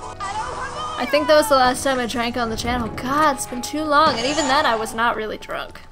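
A woman's voice: sits high, expressive, normal speed. A tipsy young woman giving brash, foul-mouthed let's-play commentary as the host. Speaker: gaming host. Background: game music.

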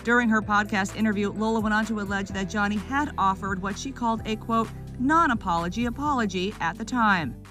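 Woman reading celeb news voice-over, crisp and even, music bed under her. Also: medium pitch, brisk, few pauses. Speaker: entertainment news narrator.

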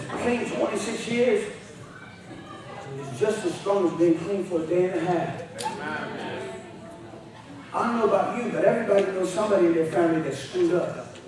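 Man preaching, high voice, slangy, shouts, booming church echo, mic far off. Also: normal speed, pauses often, a crowd in the background. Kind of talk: revival sermon. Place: church sanctuary. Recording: echoey hall, distant mic.

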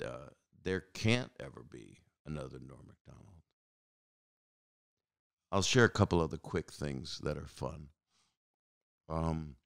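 A man in his sixties with a very low, gravelly voice tells casual stories on his podcast. He rambles, stops and restarts, then springs into acted-out lines from other people, and his delivery rises and falls in bursts. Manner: rambling, halting, with many fillers and restarts. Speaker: podcast host. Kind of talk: casual storytelling.

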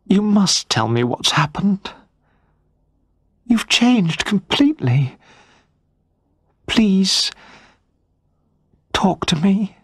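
Brief: a man putting on a young wife's voice, pitched well up, gentle and pleading, storybook reading. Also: sing-song, drawn-out words, long pauses, husky, no room sound, clean studio sound, full character voice. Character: loving young wife, worried then relieved.

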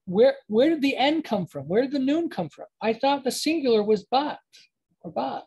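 A woman giving an informal spoken language lesson, explaining slowly, repeating words to model pronunciation and correcting herself as she goes. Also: sits high, expressive, dark tone, breathy edge. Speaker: language teacher.

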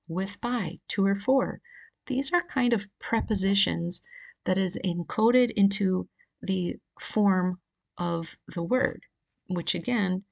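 A woman's voice: mid-range voice, creaky. A woman giving a recorded grammar lecture, explaining patiently and reading through the cases from a grammar book. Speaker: Greek grammar teacher. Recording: questionable home audio.

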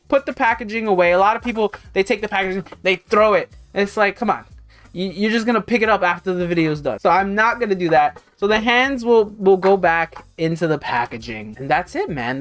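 A woman hosting a hobby channel, talking through an unboxing in a casual, rambling way with lots of fillers. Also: mid-range voice. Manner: rambling, chatty, many fillers.

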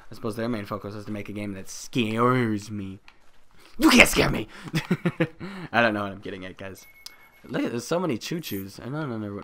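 A man giving joking let's play commentary on a horror game, loud and rambling, swinging between shouting and muttering. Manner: reads in-game notes aloud in a low flat voice. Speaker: gaming video creator.

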